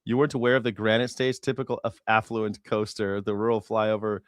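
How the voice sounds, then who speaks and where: A man's voice: fairly low pitch, flat delivery, brisk, no echo, clean studio sound. A man hosting a live news reaction show, talking casually in a rambling, profane way and correcting himself as he goes.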